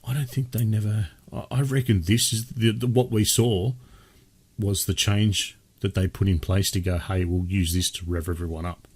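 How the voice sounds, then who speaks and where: A man's voice: fairly low pitch, steady tone, normal speed, a little mellow, slightly rough. A man co-hosting a casual gaming podcast, chatting loosely and rambling with many restarts. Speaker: podcast co-host. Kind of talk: casual chat.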